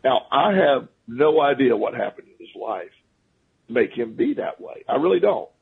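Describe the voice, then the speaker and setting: Calling into a talk radio show, this man tells stories in a loose, meandering way, frequently starting over and laughing at himself. His medium-pitched voice is animated, creaky and a little rough, at a moderate pace.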